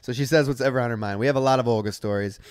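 A man's voice: mid-range voice, rapid-fire, no echo. Laughing young man, dry close sound. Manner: laughs often, relaxed storytelling. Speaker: podcast co-host. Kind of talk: casual storytelling chat.

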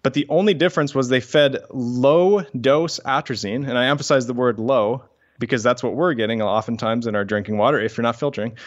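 A man's voice: medium pitch, fairly quick. Enthusiastic male scientist on a dull line. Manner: enthusiastic, explains studies in detail. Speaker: guest scientist. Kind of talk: casual podcast interview.

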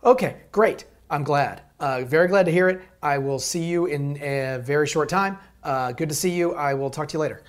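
A man playing a nervous male league commissioner in a comedy sketch, who snaps angrily and then turns shrill and fawning. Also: moderate pace, few pauses, natural voice. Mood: nervous eager.

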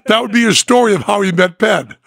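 A male podcast host with a gravelly, husky voice tells a story in casual chat, his pitch swinging in an animated way. The recording is dry and close. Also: brisk, dry recording. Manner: animated anecdote teller, often laughing.

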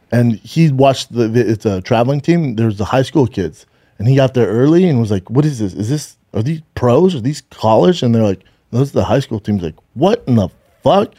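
A man in his forties tells a story on a casual podcast in animated bursts, acting out the people in it and swearing freely. His voice is mellow and warm. The sound is dry and close to the mic. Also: medium pitch, no echo. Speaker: podcast co-host. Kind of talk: casual chat.

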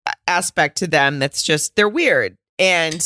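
Bright-voiced, frank woman co-host. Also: low-pitched, measured pace, slight background noise. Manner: candid, frank, swears freely, laughs often. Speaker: podcast co-host. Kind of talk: casual chat.

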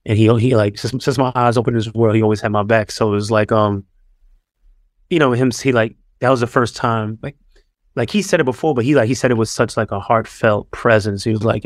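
A man's voice: mid-range voice, steady tone, a little fast, no echo, clean studio sound. A man, a former pro athlete, telling stories in a loose, casual interview style full of fillers and restarts. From New York. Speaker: guest, former pro basketball player.

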